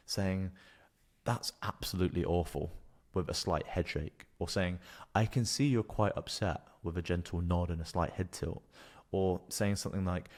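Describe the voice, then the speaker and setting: A man with a very low voice narrates a scripted tutorial. He explains step by step in a calm, measured way, as a doctor coaching exam candidates. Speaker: doctor teaching exam preparation.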